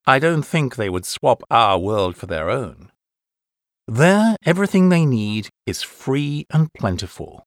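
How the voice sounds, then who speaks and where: Brief: a man narrating a course-book listening passage, expressive and swinging widely in pitch, recorded dry and close. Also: no room sound. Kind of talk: scripted narration.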